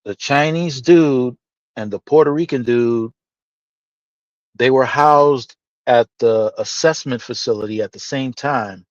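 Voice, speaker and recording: A man telling a story in casual podcast chat, animated and profane, acting out the dialogue. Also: mid-range voice, a little slow, dry recording. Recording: dull, slightly lo-fi dry sound.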